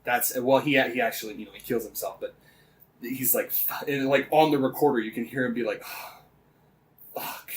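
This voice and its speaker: A man's voice: mid-range voice, fairly even intonation, fairly quick, recorded from a distance, slight background noise, poor audio. A man co-hosting a podcast, retelling a game story in casual chat, rambling with lots of fillers and frequent swearing. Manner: rambling, swears often, many fillers and restarts. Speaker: podcast co-host.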